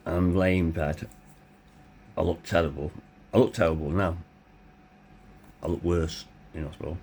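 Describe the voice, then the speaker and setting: A middle-aged man telling his own story in a blunt, candid way, swearing freely, his voice tired and hoarse. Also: sits low, fairly even intonation, normal speed, darkish tone, slight background noise. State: hoarse, voice tiring. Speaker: vlogger. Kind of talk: personal storytelling.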